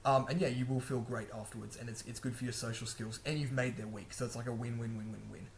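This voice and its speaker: A man's voice: mid-range voice, fairly even intonation, fast talker, a little hiss or hum. A young man hosting a language-learning video, talking casually to camera, chatty, laughing often and correcting himself as he goes.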